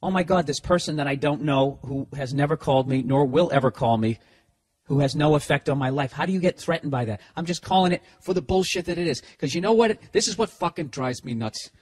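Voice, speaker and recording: A middle-aged man rants into his podcast mic in a husky, slightly raspy voice that sits fairly high for a man. He swears constantly, rambling and sarcastic as he unloads comedic grievances. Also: a little fast, darkish tone. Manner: profane, sarcastic, rambling rant. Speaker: podcast host. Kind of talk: ranting comedic monologue.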